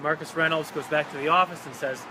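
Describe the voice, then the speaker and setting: Guy giving a street history tour, kinda high voice, lively and chatty, traffic going by. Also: fast. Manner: animated, chatty, acts out quotes. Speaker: local history guide. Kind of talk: casual storytelling on a walking tour. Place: outdoors on a city street. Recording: outdoor street noise with passing cars. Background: traffic and city ambience.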